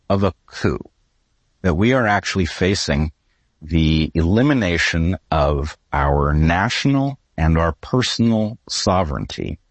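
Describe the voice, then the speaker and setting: A man speaking as an interview guest, laying out an argument in a deliberate, grave, emphatic way. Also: low voice, no room sound. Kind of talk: measured spoken argument.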